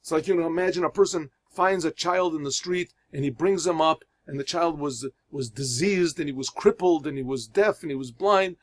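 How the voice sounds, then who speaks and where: Rabbi translating Hebrew line by line. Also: male voice, on the high side. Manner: reads Hebrew phrases and translates each into English; storytelling with restarts and pauses. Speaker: rabbi teaching a class. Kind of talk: religious lesson.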